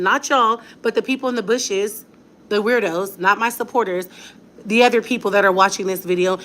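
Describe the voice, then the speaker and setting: A mother vlogs into her phone at home late at night, pushing back in an emphatic, defiant rant. She repeats her points and keeps her voice at a plain, middling pitch. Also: fairly quick, a bit bright. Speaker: mother and vlogger. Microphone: phone on a ring light setup.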